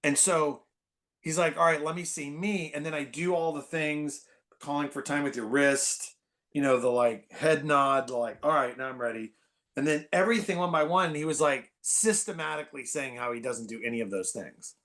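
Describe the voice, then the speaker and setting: A man in his forties talks as a guest in a casual podcast chat. His voice sits a bit high for a man. He tells his stories in a lively, tumbling way, with lots of fillers and self-corrections. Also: normal speed. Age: 40s. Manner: animated storyteller, many fillers and restarts.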